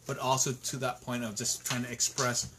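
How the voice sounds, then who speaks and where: A man's voice: medium pitch, flat delivery, moderate pace, background noise. A man, a dog trainer, talking in an interview, frustrated and indignant, with frequent restarts and repeated words. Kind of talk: emphatic interview talk.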